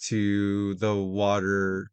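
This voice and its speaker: A man's voice: lowish voice, completely flat delivery, drawn-out words, smooth, dry recording. A man hosting a podcast in casual chat, joking and rambling with self-interruptions. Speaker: podcast host.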